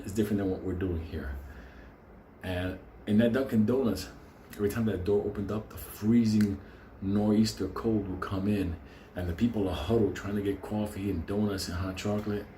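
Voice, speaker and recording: A man's voice: lowish voice, dark tone, a little hiss or hum. Profane laughing New storyteller man. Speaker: channel host. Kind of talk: casual storytelling monologue. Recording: echoey room with faint ambience.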